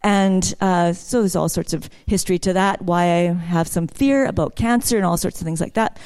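A woman's voice: fairly low pitch, moderate pace, a little mellow, smooth. A middle-aged woman sharing a personal testimony in church, telling her story in a chatty way that rises into fervent praise. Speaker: worship leader sharing a testimony.

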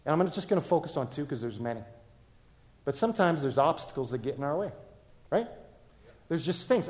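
A man, preaching a sermon to a congregation in a relaxed, conversational way, often asking them questions. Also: a little high, a little fast, long pauses. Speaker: pastor. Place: church, in front of a congregation.

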